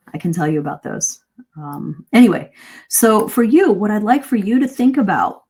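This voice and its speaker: Lively woman teaching speaking skills. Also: on the low side. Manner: lively, varies pace and emphasis to demonstrate. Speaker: English speaking coach. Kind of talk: live-stream speaking lesson.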